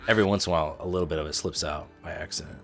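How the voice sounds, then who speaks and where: Over faint background music, a man speaks very fast in a gravelly, slightly bright bass voice that stays steady in tone. He's an Indianapolis trading livestreamer with a neutral Midwestern accent, chatting about his trades and joking playfully with viewers.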